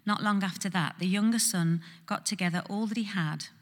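A woman reading a Bible passage aloud in a church, steady and measured. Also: medium pitch. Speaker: scripture reader. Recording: church hall with long reverb.

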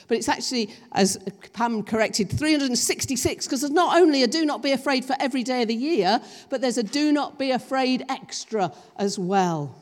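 A woman preaching a sermon, slow and emphatic, drawing the congregation in with questions. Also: high voice, expressive. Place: church hall. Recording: long reverb of a church hall.

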